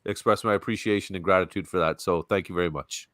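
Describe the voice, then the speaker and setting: Bright, joking man on a dry mic. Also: deep voice, fairly even intonation, fast talker, no echo. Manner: joking, teasing. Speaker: streamer and co-host. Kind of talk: casual chat.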